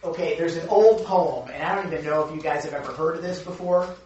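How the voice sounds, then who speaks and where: A man preaching a sermon to a congregation, his voice hoarse and raspy, talking in an earnest, conversational way with many fillers. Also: a little high, quick pace, a little mellow. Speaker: pastor. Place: church hall. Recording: echoey hall from a distant mic, dull.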